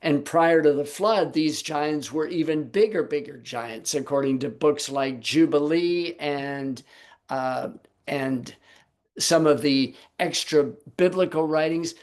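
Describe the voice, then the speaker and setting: A man's voice: a little high, slow pace, a little mellow. A man teaching the Bible on a Sabbath video call, posing rhetorical questions to his listeners.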